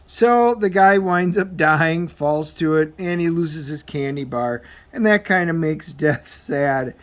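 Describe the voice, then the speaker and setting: A man giving a casual comic book review as he flips through the pages, rambling and halting with plenty of filler words. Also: a little high. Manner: rambling, halting, full of um and you know.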